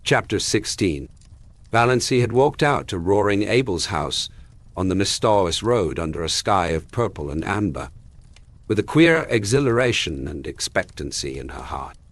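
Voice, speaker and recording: A man narrating a classic novel as a gentle, expressive bedtime audiobook. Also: fairly low pitch.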